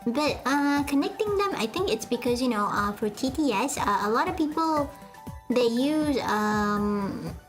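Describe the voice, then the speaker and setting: A woman's voice: fairly high pitch, lively intonation, measured pace. A young woman streaming, chatting casually with viewers in a rambling, self-mocking way, full of fillers and restarts. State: sweaty. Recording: faint music behind.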